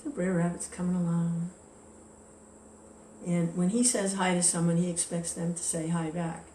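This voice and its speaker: A woman with a fairly low voice gives a devotional scripture class, telling a story in a relaxed, chatty way. The recording is roomy and echoey, with faint ambience behind her. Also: moderate pace, slight background noise.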